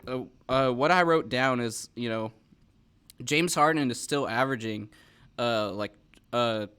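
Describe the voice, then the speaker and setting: A man's voice: medium pitch, unhurried, fairly bright tone, clear, resonant tone. A man hosting a podcast, chatting casually and thinking aloud with fillers and restarts. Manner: conversational, with frequent fillers and restarts. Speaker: podcast host.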